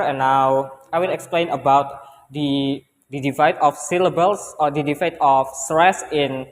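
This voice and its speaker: A man's voice: a little high, long reverb tail. A young man with an Indonesian accent giving a classroom presentation, hesitant and often repeating himself. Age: young adult. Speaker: student presenter.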